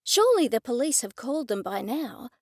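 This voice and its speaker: Matter-of-fact woman amateur sleuth, the narrator's own voice, bright pitch. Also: very animated, fairly quick, dry recording, clean studio sound. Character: practical woman amateur sleuth, first-person heroine.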